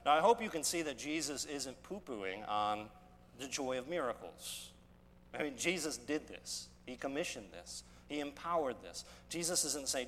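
A man preaching an expository sermon as pastor, earnest, building loud and slow on key words and dropping to quiet asides. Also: mid-range voice, big pitch swings, long reverb tail.

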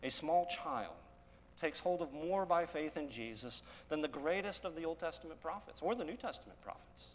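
A man preaching an expository sermon as pastor, earnest, building loud and slow on key words and dropping to quiet asides. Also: on the high side, lively intonation, in a large hall.

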